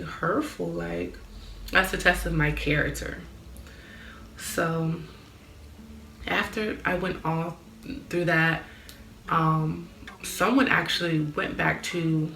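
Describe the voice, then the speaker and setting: A woman's voice: low voice, gravelly, a bit bright. Young woman, earnest personal testimony, roomy echo, music playing behind. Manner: candid and earnest, lots of "like". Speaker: vlogger.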